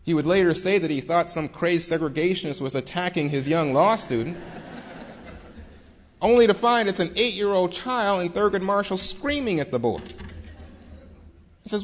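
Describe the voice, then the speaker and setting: Guy telling a story on stage, kinda high voice, vivid and dramatic. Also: lively intonation, moderate pace, long pauses, a little hiss or hum. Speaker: speaker. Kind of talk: storytelling talk.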